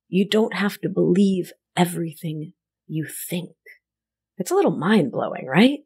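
A woman hosts her coaching podcast in a middle-pitched voice. She talks to the listener affectionately and keeps it chatty, often laughing at herself. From Argentina, raised in Rhode Island. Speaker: podcast host and life coach. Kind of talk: warm conversational podcast monologue.

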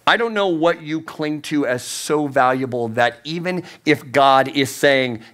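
A man's voice: a little high, unhurried, fairly bright tone. A man preaching a sermon as a youth pastor, emphatic and repeating key phrases, his voice climbing on the points he stresses.

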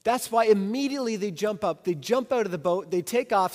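A senior pastor giving a sermon with an emphatic, repetitive preaching cadence. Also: male voice, high voice, expressive, brisk, soft background music. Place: church sanctuary. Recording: long church reverb.

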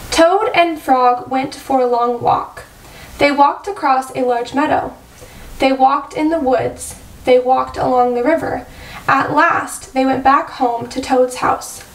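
A woman teacher reads a picture book aloud to young children, slow and clear with a high voice. Her voice echoes around the room, picked up from a mic some distance away. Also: steady tone. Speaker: first grade teacher.

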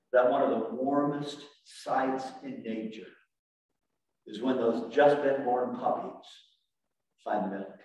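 A man preaching a sermon as pastor, animated, swinging from shouts to quiet asides. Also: mid-range voice, muffled recording. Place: church sanctuary. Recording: echoey church room from far off.

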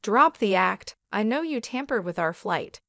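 A woman voicing an angry, scheming middle-aged mother-in-law who talks in a sharp, accusing way. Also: medium pitch, animated, unhurried, vocal fry, dry recording, studio quality, exaggerated voice.

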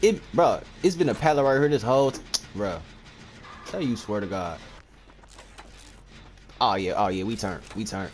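A young man giving live gameplay commentary, excitable and trash-talking, repeating phrases quickly as he plays. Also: fairly low pitch. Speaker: gaming video creator. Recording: steady clear background noise.

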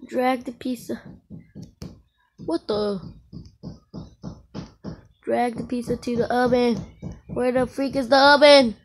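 Slow-talking excitable woman gamer. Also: on the high side. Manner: excitable, constant exclamations. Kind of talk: casual game commentary.

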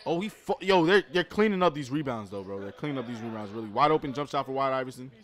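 Male streamer, casual basketball reaction commentary, slangy and excitable. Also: medium pitch, fast talker. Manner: excitable, loud outbursts, slangy.

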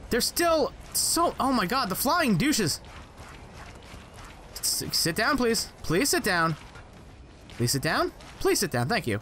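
Young man, let's play commentary, exclaiming and swearing, high lively voice, bright tone. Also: slow pace, pauses often, a little hiss or hum. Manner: exclaiming, swearing, joking to himself. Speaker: gameplay commentator.

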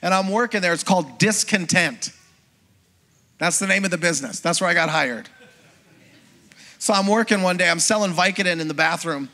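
A middle-aged man, a pastor, preaching a sermon as a lively personal testimony and acting out the voices of people in his story. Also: sits high, moderate pace, long pauses. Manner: storytelling, acts out quoted voices, conversational with congregation.

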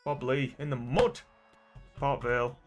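A young man commentating his own football video game match, muttering to his players and then yelling at them. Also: mid-range voice, fairly even intonation, measured pace, faint music behind. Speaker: gaming streamer. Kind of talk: excitable gameplay commentary.

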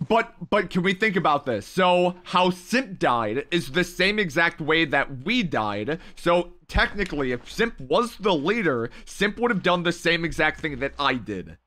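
A young man hosting a live gaming stream, excitable and rambling, forever saying "okay" and "bro". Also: fairly high pitch, a little slow, few pauses. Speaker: streamer host. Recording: noisy game stream with gunfire. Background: gunfire from the game.

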